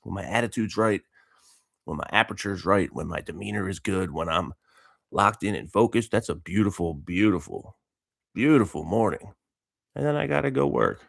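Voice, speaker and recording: Laid-back deep-voiced man rambling. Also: expressive, moderate pace, creaky, a bit bright, no room sound, studio quality. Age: 30s. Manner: rambling, laid-back, laughs often, dude slang. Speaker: vlogger and coach. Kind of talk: casual motivational monologue.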